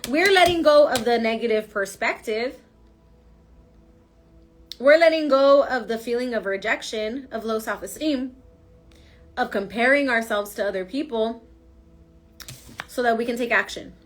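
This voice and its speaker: A woman's voice: a little high, a bit bright. A woman giving a casual spoken tarot reading, emphatic and slangy, coaching her listeners. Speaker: tarot reader.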